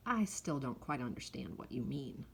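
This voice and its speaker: A kind young schoolteacher speaks in a soft, measured, patient voice, read by a woman. Her pitch moves lively through each line, like a teacher in a read-aloud storybook. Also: a little hiss or hum. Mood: puzzled.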